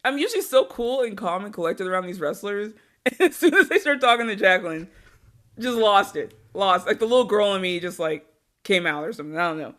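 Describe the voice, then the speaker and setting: Woman guest on a podcast, animated and laughing a lot, swears casually, mid-pitched voice. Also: fairly quick. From Arizona. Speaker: podcast guest, wrestling interviewer.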